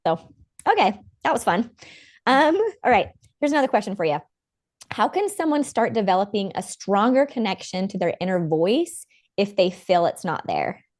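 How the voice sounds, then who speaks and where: A woman's voice: mid-range voice, big pitch swings, normal speed. A woman hosting a casual podcast chat, enthusiastic and agreeable, asking her guest questions.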